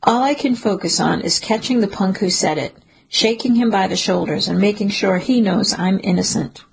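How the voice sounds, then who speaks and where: Husky, gravelly woman narrating a suspense story. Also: medium pitch, normal speed, low-quality recording. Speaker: audiobook narrator. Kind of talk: first-person suspense narration.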